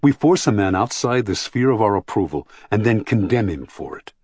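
A man's voice: lowish voice, expressive, moderate pace, darkish tone, breathy edge, no echo, clean studio sound. A man reading the part of a passionate young idealist who argues intensely about freedom in an audiobook. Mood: impassioned. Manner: impassioned, argumentative.

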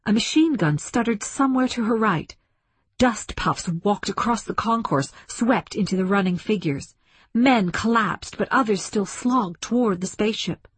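A woman reading a story aloud as scripted narration, measured and dramatic. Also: medium pitch, husky, no echo. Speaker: audiobook narrator.

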